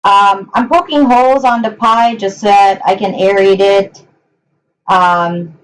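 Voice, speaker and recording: A young woman chatting through a live home cooking show in her kitchen, hesitant with many ums, talking to viewers and her dogs. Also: medium pitch. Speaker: cooking livestream host. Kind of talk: casual live cooking chat. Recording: voice a bit far from the mic.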